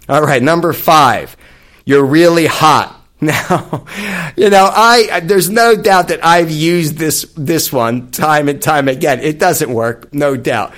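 A man's voice: a little high, a bit bright. Sarcastic man mocking pickup lines. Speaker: dating advice presenter. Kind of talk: casual monologue.

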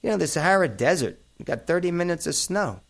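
A man's voice: sits high, lively intonation, fast talker, gravelly. A middle-aged man hosting a casual chat, rambling through memories with plenty of fillers and asides. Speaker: host.

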